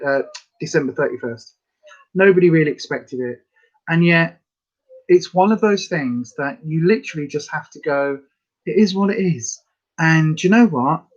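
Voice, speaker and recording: A woman hosting a casual livestream, chatting while doing her makeup and reading out viewer comments. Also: on the low side. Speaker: livestream host. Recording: slightly dull lo-fi livestream audio.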